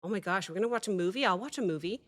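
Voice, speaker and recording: A woman hosting a music reaction video, talking casually and excitably, often apologizing and thinking out loud. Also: medium pitch, very fast.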